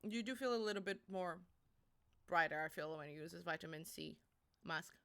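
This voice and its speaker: Bright, crisp-voiced young woman streamer. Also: on the low side, fairly quick. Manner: chatty and rambling, talks to chat. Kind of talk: casual live-stream chat.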